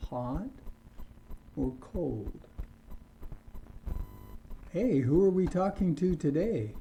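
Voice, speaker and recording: A man teaching an online English lesson, speaking slowly and deliberately and repeating words for learners to copy. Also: on the high side, lively intonation, mellow, slight background noise, poor audio.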